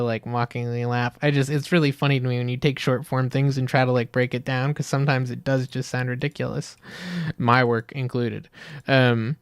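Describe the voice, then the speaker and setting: A man giving a casual, rambling critique of an ad, full of fillers, who acts out little scenes in higher voices. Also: flat delivery, fairly quick, smooth, no room sound, clean studio sound. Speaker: video critic reviewing ads.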